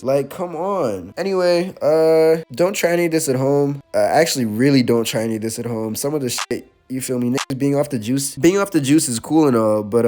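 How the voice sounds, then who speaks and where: A young man hosting a storytime channel, telling a story in casual, slangy speech with laughs and animated asides. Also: fairly high pitch. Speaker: storytime host.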